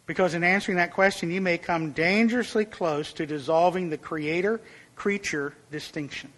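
A man's voice: moderate pace, a bit bright. A man preaching a sermon in an earnest, emphatic way. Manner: earnest, emphatic, rises in pitch and volume for illustrations.

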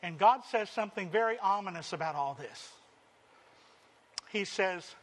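With a high pitch and lively intonation, a man preaches a sermon, acting out what he quotes. He alternates between booming emphasis and soft, lingering phrases.

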